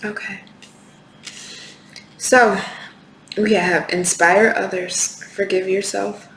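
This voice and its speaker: Gravelly-voiced woman giving an impassioned tarot reading. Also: medium pitch, level tone, takes it slowly, fairly bright tone. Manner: impassioned, repetitive rhetorical questions, swears. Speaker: tarot reader. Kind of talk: spiritual tarot reading to camera. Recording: echoey room with faint background noise.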